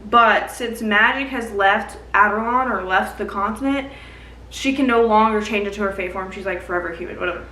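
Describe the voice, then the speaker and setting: A woman's voice: mid-range voice, brisk, pushed and bright, reverberant, recorded from a distance, poor audio. A young woman casually recapping a book she read, rambling with lots of "like" and plenty of swearing. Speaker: book vlogger.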